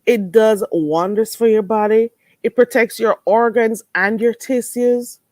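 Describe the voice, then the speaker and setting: A woman chatting casually with her viewers, animated and laughing easily. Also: fairly high pitch, a little slow, no echo, clean studio sound. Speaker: vlogger answering live chat.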